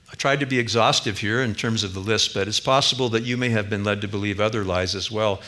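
A male pastor delivers a sermon in a bright, forceful voice. He talks earnestly, swelling to emphatic high points and then sinking low and soft. His pitch sits in an ordinary middle range for a man. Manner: earnest, rises to emphatic peaks then drops quiet.

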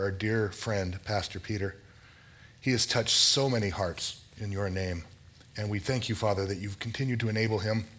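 A man's voice: lowish voice, a bit bright. An older man leading a prayer and opening a church sermon in an earnest, conversational way. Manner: earnest, conversational, self-deprecating. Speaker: lay preacher. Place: church sanctuary.

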